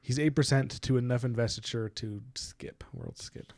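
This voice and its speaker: A man's voice: medium pitch, huge pitch swings, normal speed, gravelly, a little mellow. A man co-hosting a podcast, casually discussing a book and eagerly pointing out plot hints, with many fillers. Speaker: podcast co-host.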